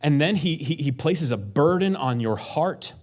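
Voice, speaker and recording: A man's voice: fairly high pitch, animated, measured pace, a little mellow. A male pastor preaching a conversational sermon, acting out prayers in a raised voice and dropping to a near whisper for emphasis.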